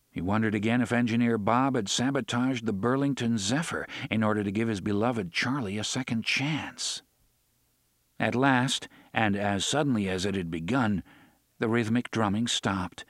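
A man's voice: medium pitch, dry recording. Male audiobook narrator, dry sound. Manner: steady, measured storytelling. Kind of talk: scripted narration.

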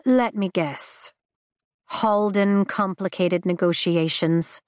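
A woman voicing a sarcastic, sharp-eyed young male noble rider in a storybook reading, teasing and wry. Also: mid-range voice, slow pace, no room sound, studio quality, lightly acted.

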